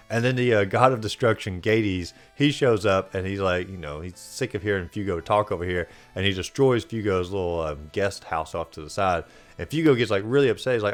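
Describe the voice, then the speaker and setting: A man's voice: on the low side, a little fast. A man hosting a video game playthrough recap, talking in a casual, rambling way with lots of fillers. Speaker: host.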